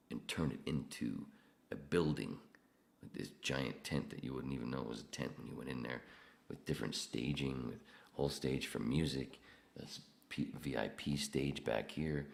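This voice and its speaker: A podcast host with a deep, rumbling, gravelly male voice tells rambling stories casually, peppering them with profanity.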